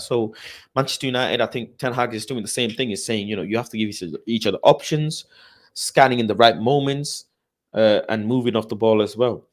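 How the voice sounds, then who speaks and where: A man's voice: fairly low pitch, fairly quick. A man hosting a casual football live stream, talking in slang and repeating his phrases. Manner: chatty, uses slang, fillers and repeated phrases. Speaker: football channel host.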